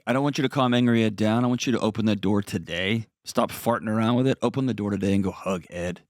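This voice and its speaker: A radio host with a fairly low voice gives life advice on a call-in show, coaching a caller earnestly and directly at a fast pace. He repeats points for emphasis. The studio sound is clean and echo-free, captured on a close mic.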